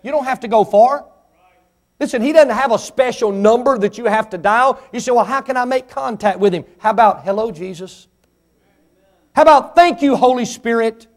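A high-voiced man preaches a sermon as pastor of a church. His delivery swells in pitch and loudness, then drops low, and he voices imagined listeners asking him questions. He stretches key phrases slowly for weight. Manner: preaching with sudden rises in pitch and volume, voicing imagined listeners.

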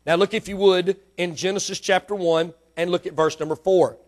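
High-voiced preacher. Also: male voice, fairly even intonation, fairly quick. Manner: preaching with rising emphatic bursts and direct questions to the congregation. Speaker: pastor. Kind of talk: sermon. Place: church.

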